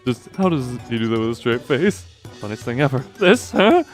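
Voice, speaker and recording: Male streamer, mid-pitched voice, animated and laughing, reads game story aloud, faint game music behind. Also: fairly quick. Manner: animated, laughs often, jokes about the story. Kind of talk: reading a game's story aloud with live reactions.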